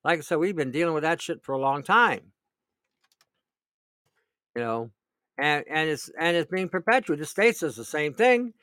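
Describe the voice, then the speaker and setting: A man's voice: a little high, animated, normal speed, long pauses, bright, forceful tone, smooth, dry recording, studio quality. A middle-aged man, ranting about politics in a sarcastic, indignant way, often laughing and repeating himself. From Canada. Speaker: vlogger. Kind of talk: political rant.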